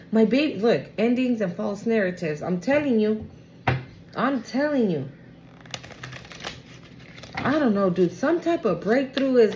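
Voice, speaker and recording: Young woman tarot reader, unhurried and fairly high, gushing and slangy, faint room noise. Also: expressive, darkish tone. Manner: emotional, exclamatory, slangy, swings to near tears. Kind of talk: casual tarot reading to viewers.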